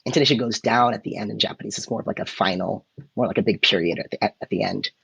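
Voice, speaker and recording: A man's voice: on the low side, racing, creaky, a bit bright, slightly rough, dry recording, low-quality recording. A man co-hosting a podcast, explaining points in a casual chat and then demonstrating intonation by example, on a close mic. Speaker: podcast co-host.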